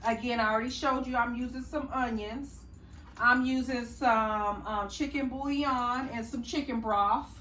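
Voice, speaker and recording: Woman host, folksy chatty manner, slightly high voice, mic set back in a kitchen with faint noise. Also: steady tone, measured pace, a bit bright, echoey room, far from the mic. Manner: chatty, folksy, says y'all and honey. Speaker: cooking channel host. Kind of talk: casual cooking tutorial.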